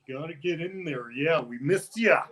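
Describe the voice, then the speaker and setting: A man's voice: on the high side, normal speed, a bit bright. A man as a guest on a casual interview podcast, talking in an easygoing, upbeat way.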